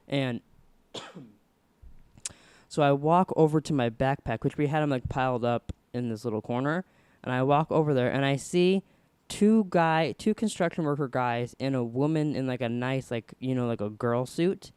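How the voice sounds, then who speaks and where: A young man hosting a podcast, casually rambling through an animated story. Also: medium pitch, moderate pace, clear, resonant tone, no room sound. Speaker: podcast host.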